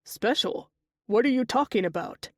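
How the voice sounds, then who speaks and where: A woman's voice: on the high side, lively intonation, moderate pace, a little mellow, no echo, clean studio sound. A woman voicing a nervous, formal young king. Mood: worried. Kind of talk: audiobook character dialogue.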